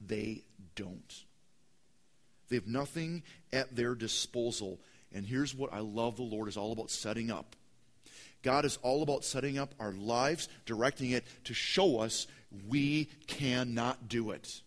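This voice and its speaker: A man preaching a sermon as pastor, emphatic and repetitive, swinging between loud and hushed delivery. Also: medium pitch, a little slow. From United States.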